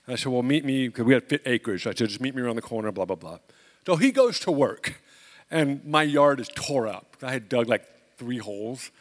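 Pastor, man, animated storyteller acting out dialogue, mid pitch, big hall reverb. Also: brisk. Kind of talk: storytelling sermon.

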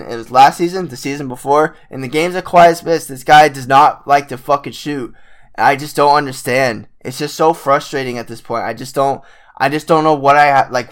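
A young man, sick and with a cracking voice, ranting in casual commentary as a frustrated basketball fan who swears a lot. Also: fairly high pitch. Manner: exasperated, swears a lot, many fillers.

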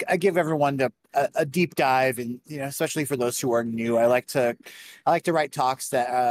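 A conference speaker chats casually on a podcast about a talk he gave. At a medium pitch, he tells stories in an animated, rambling way with plenty of restarts.

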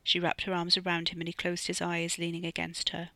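Give me an author narrating their own novella in a measured, storytelling way. The voice has a gravelly fry under a bright, forward tone. It is recorded dry and close to the mic. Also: medium pitch, monotone, no room sound. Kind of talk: scripted narration.

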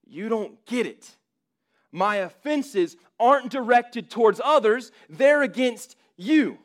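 A man's voice: extremely high pitch, animated, slow pace, voice pushed up, heavily acted. A man reading the part of a guilt-laden sinner who protests that he is unworthy, urgent and pleading.

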